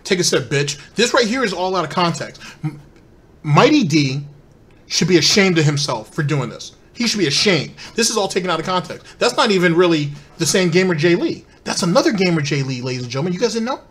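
A man's voice: sits high, sing-song, a little fast, a bit bright, slightly rough. A man hosting a commentary channel who reacts to clips with sarcastic, mocking remarks aimed at his viewers.

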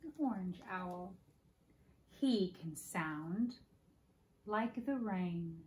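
Lady doing preschool story time, reads super slow, sing-songy, makes silly animal noises for the kids. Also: on the low side, animated, darkish tone, reverberant. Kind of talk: reading picture books aloud to children.

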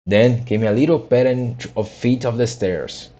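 A man reading a children's book aloud, halting with frequent restarts and repeated words. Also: medium pitch, mellow, dull audio. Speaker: audiobook reader.

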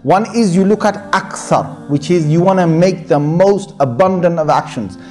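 High-voiced man preaching conversationally. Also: moderate pace, darkish tone, soft background music. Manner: conversational, repeats phrases, slips into Arabic recitation. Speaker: sheikh giving a talk. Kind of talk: informal sermon.

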